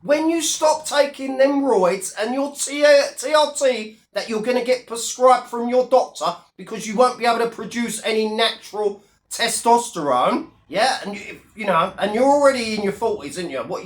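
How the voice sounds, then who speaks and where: A man's voice: high voice, lively intonation, normal speed, echoey room. A man in his thirties ranting on his vlog, sneering and swearing at a rival. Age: 30s. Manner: sneering, profane, taunting. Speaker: YouTuber.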